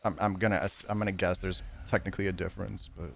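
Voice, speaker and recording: A man with a fairly low voice talks to viewers during a live game stream. His chat is casual and loose, wandering from point to point and stopping to fix his own words. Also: level tone, fast talker, vocal fry, a bit bright, slight background noise. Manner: rambling, loose and self-correcting.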